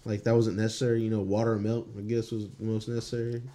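A man's voice: on the low side, flat delivery, quick pace, warm tone. A young man co-hosting a podcast in casual chat, rambling with lots of fillers and slang. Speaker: podcast co-host.

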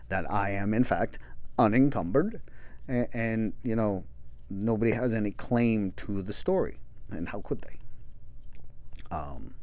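A man hosting a true crime podcast, talking casually and reflectively, halting with many restarts and often dropping to a soft low voice. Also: dry recording.

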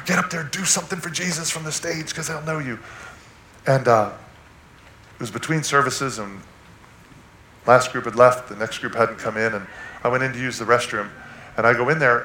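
A man preaching a sermon, telling a personal story with animated swings from loud to hushed. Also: medium pitch, roomy sound, a little hiss or hum. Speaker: guest preacher. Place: church sanctuary.

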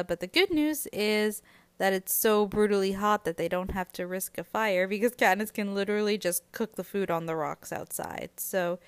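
A woman hosts a casual book podcast, talking through the chapters in a loose, chatty manner. Her voice is smooth and clear, recorded dry and close with no room sound. Her pitch sits in an ordinary middle range. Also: dry recording. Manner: chatty, conversational, frequent "uh" and "like".

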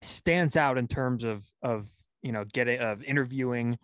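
A man's voice: medium pitch, normal speed, dry recording. A man hosting an interview, asking long questions with lots of fillers. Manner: rambling, searching questions with fillers. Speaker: host. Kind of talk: casual interview.

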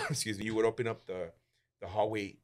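A man's voice: fairly low pitch, a little fast. A middle-aged man with a Mexican American accent, co-hosting a casual podcast, telling stories with swearing and acted-out voices. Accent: Mexican American English with Spanish phrases. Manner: animated, acts out voices in quotes, swears freely. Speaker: podcast co-host. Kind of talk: casual storytelling chat.

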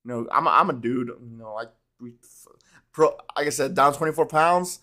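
A man's voice: mid-range voice, normal speed, pushed and bright. A young man co-hosting a casual podcast chat, rambling and laughing often, swearing freely. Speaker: podcast co-host.

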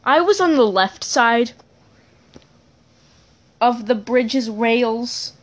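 A woman with a fairly high voice tells a funny story in a casual, rambling way. She speaks slowly, keeps giggling and breaks off into asides to correct herself. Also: lively intonation.

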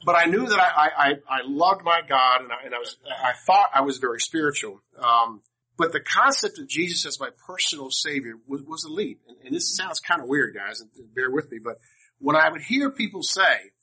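Briskly and with animation, an older Washington, D.C. man tells a class humorous personal stories, rambling and frequently interrupting himself. His voice is a little high, bright, forceful, and husky, and the recording is rough.

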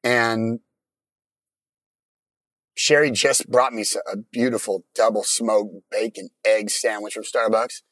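A man's voice: on the low side, fairly even intonation, a bit bright, no echo. Man telling his own story, dry sound. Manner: plain, halting retelling with many restarts. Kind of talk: personal story told in casual talk.

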